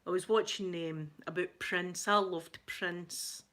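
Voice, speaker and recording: A woman's voice: fairly low pitch, fairly even intonation, takes it slowly, a bit bright. Scottish woman, middle-aged, live-stream host. Chatty, gossipy, giggly storyteller, close to the mic. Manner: chatty storyteller, laughs often, greets chat viewers. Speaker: ASMR livestream host. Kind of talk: casual chat to live viewers.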